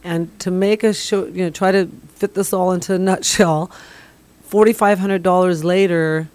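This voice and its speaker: A woman's voice: lowish voice, fairly even intonation, normal speed, a little mellow. A middle-aged woman from the Middle East telling a long personal testimonial in an earnest, rambling way. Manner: earnest, rambling, many fillers. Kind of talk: casual storytelling.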